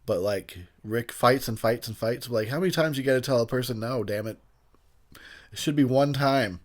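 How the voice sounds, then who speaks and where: A tipsy man talks over a movie in a loose, rambling way. He swears freely, laughs a lot and stops mid-sentence when names slip his mind. His voice sits at an ordinary middle pitch. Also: moderate pace. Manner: rambling, profane, laughs often, loses track of names. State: intoxicated. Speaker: film commentator. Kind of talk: casual movie commentary.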